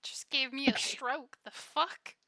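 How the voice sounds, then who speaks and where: A woman running a tabletop game as game master, lively and blunt, swearing freely. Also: high voice, slow.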